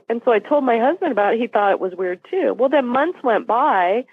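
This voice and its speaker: Woman guest, forties, lively storyteller acting out voices; tinny dry phone line. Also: a little high, fairly quick, dry recording. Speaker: podcast guest. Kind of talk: storytelling in a podcast interview. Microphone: phone call.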